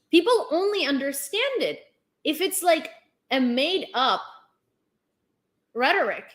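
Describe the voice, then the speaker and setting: A young Ukrainian woman vlogs a heated rant, her voice sitting high and a little bright. She sounds exasperated and sarcastic, swearing and throwing out one rhetorical question after another.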